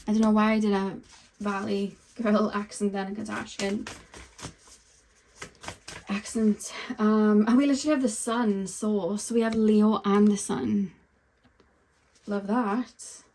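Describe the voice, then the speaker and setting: A woman's voice: mid-range voice, darkish tone, slight background noise. A woman giving a pick-a-card tarot reading, chatty and full of ums and likes, talking straight to the viewer. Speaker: tarot reader.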